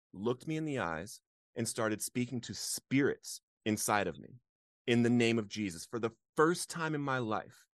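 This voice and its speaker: A man's mid-range voice, recorded without echo, carries an interview guest's personal story. He tells it earnestly and with feeling, laughing now and then and becoming animated as he relives moments.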